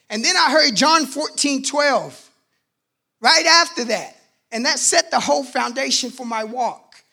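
A man telling his personal faith testimony in an animated way, acting out the voices in his story and bursting out loud at times. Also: extremely high pitch, a little slow, gravelly. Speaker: testimony speaker.

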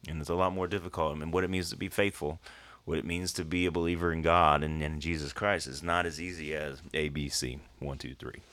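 A man co-hosting a church podcast in casual conversation, earnest and growing animated, laughing often. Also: extremely low pitch, brisk, no room sound.

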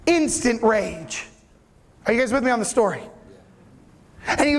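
A man's voice: very high-pitched, expressive, normal speed, pauses often. A man preaching a sermon, telling the story animatedly with casual slang.

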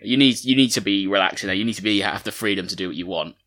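A man with a fairly low voice and a bright, forceful edge. He co-hosts a podcast in easy casual chat, dropping dry quips along the way. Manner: chatty, dry, quick to joke. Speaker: podcast co-host.

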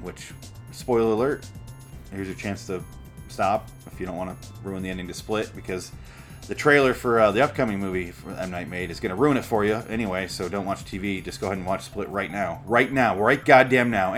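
Profane, ranting man with a low voice. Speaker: author reading and commenting on his book. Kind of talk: casual profane monologue. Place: at home.

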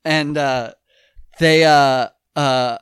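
A man chatting casually as a podcast host, telling rambling, animated stories full of fillers. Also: on the high side, extremely slow, smooth, no room sound, clean studio sound. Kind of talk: casual chat.

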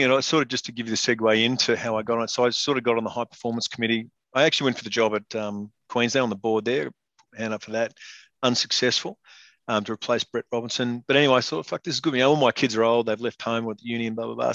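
A man's voice: mid-range voice, a bit bright, dry recording, lo-fi sound. A middle-aged man, a former rugby player, chatting bluntly and casually in an interview, swearing freely and calling everyone mate. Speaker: guest, former professional rugby player and state rugby board member.

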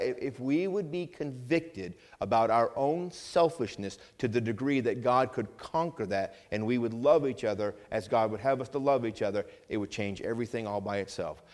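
A man preaching as pastor, reading scripture and building from quiet asides to loud, emphatic passages. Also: mid-range voice. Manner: reads scripture aloud. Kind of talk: sermon. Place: church sanctuary. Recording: long church reverb.

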